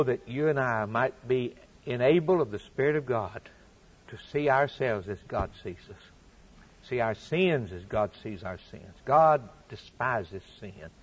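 A man's voice: mid-range voice, husky. A man preaching a sermon, stressing his points by repeating phrases.

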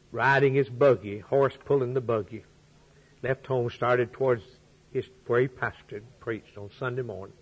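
Husky-voiced man preaching a sermon. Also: low-quality recording. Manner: rising to loud emphatic peaks, then dropping low.

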